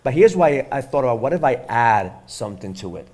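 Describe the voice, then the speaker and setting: A man's voice: mid-range voice, sing-song, fairly quick, darkish tone. A middle-aged man, a father and entrepreneur, speaking candidly and earnestly at a live virtual summit in short, loose, reflective phrases.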